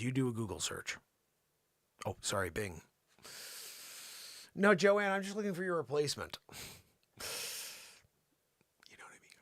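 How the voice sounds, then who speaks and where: A man hosting an improvised comedy news show, talking in a mocking, animated way to an imaginary co-host. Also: a little high, no room sound, studio quality.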